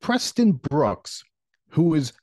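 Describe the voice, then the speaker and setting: A man's voice: a little high, big pitch swings, slow, a little mellow, no echo, studio quality. A man co-hosting a political podcast who tells stories in a rambling way, full of fillers. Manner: rambling, many "you know" fillers. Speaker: podcast co-host. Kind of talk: casual podcast storytelling.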